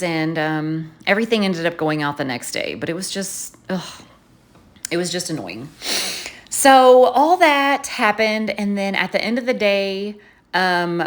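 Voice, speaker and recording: A woman, a journaling vlogger chatting in a casual, animated, expressive way as she tells a story. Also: fairly low pitch.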